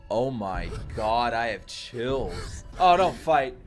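A young man reacting to an anime episode, excitable and profane, yelling at the characters on screen. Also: mid-range voice, takes it slowly. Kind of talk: live anime reaction commentary. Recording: music from the show playing behind.

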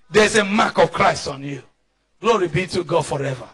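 A Nigerian pastor preaching a fervent sermon, often shouting and calling on the congregation to answer back. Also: male voice, on the high side, moderate pace.

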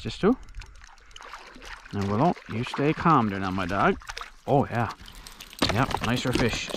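A man out on a pond in his kayak, talking viewers through his fishing in a loose, chatty way. His pitch jumps around a lot as he gets excited and calls to his dog. There is a faint hiss of noise behind him. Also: measured pace, long pauses. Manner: excitable, talks to his dog and viewers while reeling in fish. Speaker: outdoors vlogger. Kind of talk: casual running commentary while fishing.

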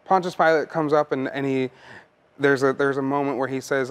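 A man's voice: mid-range voice, fairly even intonation, fairly quick, clear, resonant tone. A man preaching a sermon as pastor, earnest and conversational, often repeating words as he goes.

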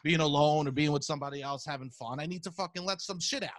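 A man, hosting a podcast in casual chat, loud and profane, telling animated stories. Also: fairly high pitch, fast talker. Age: 30s. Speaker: podcast host.

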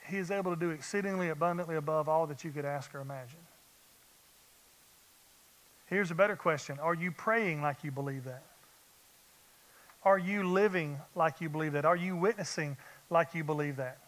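A man preaching a sermon as pastor, animated and firing rhetorical questions at the congregation. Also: on the high side, moderate pace, pauses often. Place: church sanctuary. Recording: long church-hall reverb.

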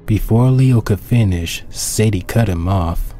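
A man reading his own dark pony fan story aloud as the narrator, in a steady, plain storytelling manner. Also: lowish voice, a little slow, soft background music.

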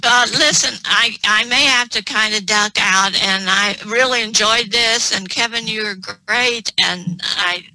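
A woman's voice: mid-range voice, measured pace, hardly any pauses, pushed and bright, dry recording, low-quality recording. A woman chatting on a video call, talkative and laughing easily. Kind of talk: casual chat.

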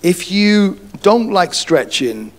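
A man's voice: sits high, very animated, slow. A man leading a church gathering, welcoming a guest speaker in an enthusiastic, encouraging way. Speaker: church leader introducing the speaker. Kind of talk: welcome address.

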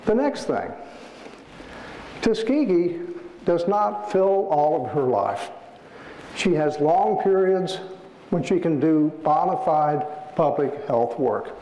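A man, an author, giving a storytelling lecture in an animated way, acting out the people in his stories. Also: fairly high pitch, slow. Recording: echoey hall, faint ambience.

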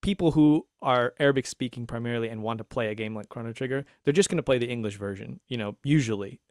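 A man co-hosting a casual podcast discussion, talking in an animated, rambling way with restarts and laughs. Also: mid-range voice, fast talker, no room sound, clean studio sound. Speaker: podcast co-host.

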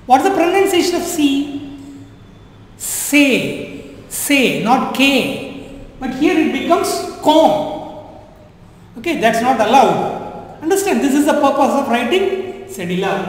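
A man's voice: extremely high pitch, sing-song, slow, pauses often. A man teaching a French lesson in a drilling classroom style, repeating points and asking if students understand. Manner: repetitive, drilling, asks "understand?". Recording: echoey room with long reverb.

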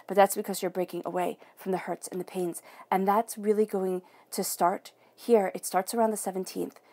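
A woman's voice: medium pitch, gravelly, mellow. A woman reading tarot cards, speaking in an earnest, encouraging way straight to the listener. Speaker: tarot reader. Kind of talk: tarot reading, spoken guidance.

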